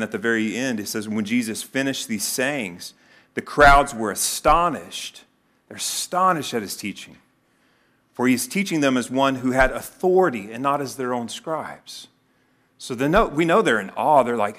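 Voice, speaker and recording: A man preaching a sermon, animated and conversational, jumping into quoted voices with sudden rises in pitch. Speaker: pastor.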